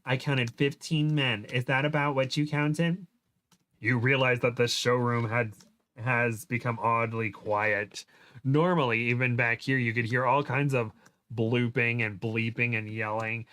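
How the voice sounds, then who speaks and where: A man's voice: on the low side, sharp tone. Man reading fan fiction with amused asides. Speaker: podcast host.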